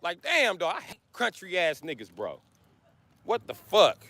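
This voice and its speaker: Brief: American man in his forties, high bright voice with gravel, loud profane livestream rant. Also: huge pitch swings, measured pace, dry recording. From United States. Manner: loud, blunt, cursing, ranting nonstop. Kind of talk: profane rant to a live stream.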